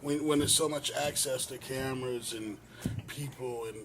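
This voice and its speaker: A man hosting a podcast in casual conversation, relaxed and affirming, using slang. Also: mid-range voice, moderate pace, over a noisy crowd, poor audio. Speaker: podcast host. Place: cigar lounge.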